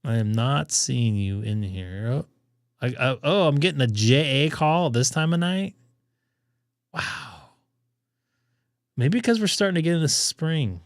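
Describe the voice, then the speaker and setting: With long pauses and an unhurried, expressive delivery, a man rambles and thinks aloud with fillers while casually hosting a ham radio live stream, his voice failing. The mid-range voice is captured at studio quality with no echo.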